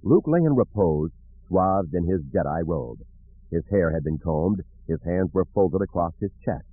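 A man narrating an audiobook in an expressive storytelling manner, with a husky voice. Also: sits low, normal speed. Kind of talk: scripted narration. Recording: narrow phone-like audio.

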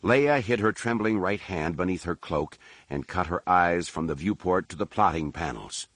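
Low-voiced man narrating an audiobook. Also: no room sound. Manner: steady, measured storytelling. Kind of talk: scripted narration.

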